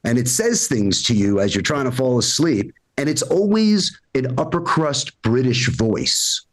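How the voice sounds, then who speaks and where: A man's voice: medium pitch, big pitch swings, a little slow. A man doing a stand-up set, brash and profane, ranting in exasperation about everyday annoyances. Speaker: stand-up comedian.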